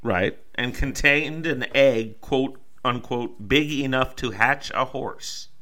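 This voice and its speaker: A man's voice: medium pitch, slow pace, bright, forceful tone. A man co-hosting a podcast, reading folklore facts in casual chat and following them with wry jokes. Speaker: podcast co-host.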